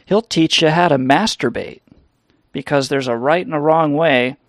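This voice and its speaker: Foul-mouthed guy hosting a comedy stream, gravelly voice, bit high, rambly. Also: moderate pace, no room sound, clean studio sound. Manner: profane, rambling, reads chat aloud. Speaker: stream host. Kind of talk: crude comedy stream rant.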